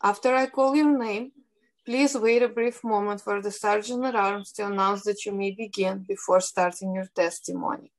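A woman with a Russian accent moderating a council hearing over a video call, reading formal procedural instructions in a measured way. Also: mid-range voice, fairly even intonation, low-quality recording. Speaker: hearing moderator, policy analyst.

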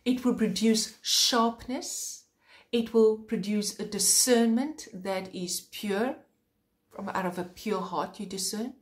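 A woman preaching an informal sermon in an earnest way, with many pauses and a voice that turns fervent when she stresses a point. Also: medium pitch. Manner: earnest, pausing often, sharpening into fervent emphasis.

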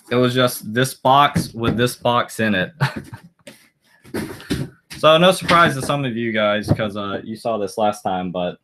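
A man's voice: medium pitch, a bit bright, slight background noise. A man chatting casually on a live stream, rambling and answering viewer comments aloud as he goes.

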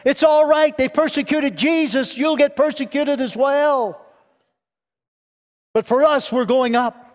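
Fervent high-voiced male pastor preaching. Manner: fervent preaching, swinging between loud high exhortation and quiet low tones. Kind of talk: sermon. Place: church sanctuary. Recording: long church reverb.

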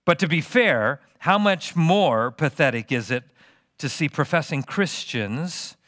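A middle-aged man preaching a sermon as pastor, animated and teasing the congregation with questions. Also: a little high, measured pace, no echo, studio quality.

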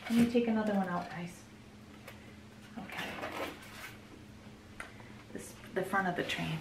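A middle-aged woman talks to her camera at home, gushing and then slipping into a hushed whisper. Her voice sits a little away from the mic in a roomy bedroom, with a faint hum behind it. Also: mid-range voice, unhurried, pauses often, far from the mic. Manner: effusive, often drops to a hushed whisper. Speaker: pet vlogger. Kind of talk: casual vlog, unboxing gifts.

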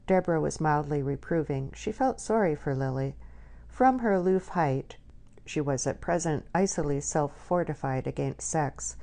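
A woman reading a novel aloud in measured, scripted narration. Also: deep voice, expressive, vocal fry, mellow. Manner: measured storytelling. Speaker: audiobook narrator.

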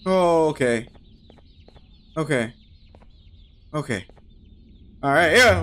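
A man giving let's play commentary on a video game, cursing and yelling whenever it goes wrong. His voice sits high and bright, and it swings up and down a lot as he reacts. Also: moderate pace, pauses often, a little hiss or hum. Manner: animated, swears, yells at the game. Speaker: gaming video host.

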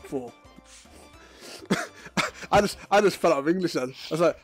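A man chatting casually while streaming a VR game, loud and joking, full of flirty banter. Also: on the high side, normal speed, faint music behind.

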